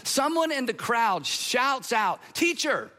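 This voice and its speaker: A male pastor delivering a sermon in an animated, conversational way, speaking directly to his listeners. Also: high-pitched, moderate pace. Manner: animated, conversational preaching with asides to the audience.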